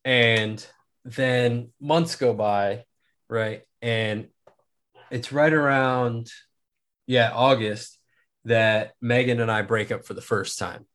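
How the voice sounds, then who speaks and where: A man's voice: medium pitch, slow pace, a bit bright. A young man from Kansas, a podcast guest, telling a personal story in a casual, rambling way, full of filler words and swearing.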